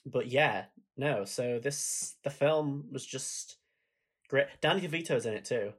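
A man's voice: mid-range voice, a little slow, husky. A man co-hosting a podcast, chatting casually and enthusiastically about films, retelling favourite scenes with laughter. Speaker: podcast co-host. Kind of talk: casual film chat.

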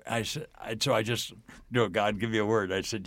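Lively older man telling faith stories. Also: medium pitch, fairly quick, dry recording, studio quality. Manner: enthusiastic, acts out dialogue in his stories. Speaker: guest. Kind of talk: storytelling in a faith podcast.

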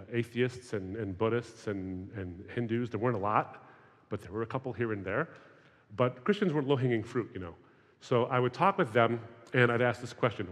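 A man in his forties speaks to a student audience, telling stories with a wry, conversational touch. His voice sits at a middle pitch. It rings out with a long reverb through a large hall. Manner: conversational storytelling with wry humor. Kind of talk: talk to students.

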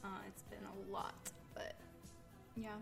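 A woman's voice: medium pitch, level tone, slow pace, vocal fry, music in the background. A young woman in her twenties co-hosting a podcast in casual, giggly chat. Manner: giggly, chatty, trailing off. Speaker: podcast co-host.

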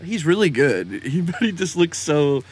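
A young man co-hosting a podcast, enthusiastic and profane in quick casual banter. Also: a little high, sing-song, faint music behind. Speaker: podcast co-host. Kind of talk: casual chat.

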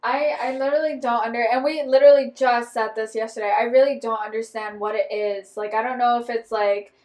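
A young woman co-hosting a podcast, telling a personal story in animated casual chat. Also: a little high, fairly quick. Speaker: podcast co-host.

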